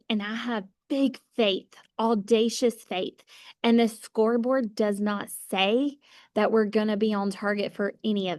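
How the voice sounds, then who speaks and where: A woman's voice: fairly high pitch, a little mellow, dry recording, clean studio sound. A woman giving an emphatic motivational talk to her sales team, repeating phrases for effect.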